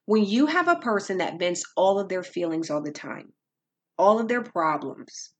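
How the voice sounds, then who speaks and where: Calm, earnest woman teaching, soft breathy voice. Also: fairly low pitch, normal speed. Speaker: Christian speaker. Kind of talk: faith-based advice talk.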